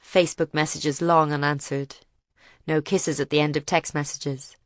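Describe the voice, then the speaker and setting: A woman reads an audiobook chapter with measured, steady storytelling. Her voice sits low and the recording is dry and close. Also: dry recording. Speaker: audiobook narrator. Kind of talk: scripted narration.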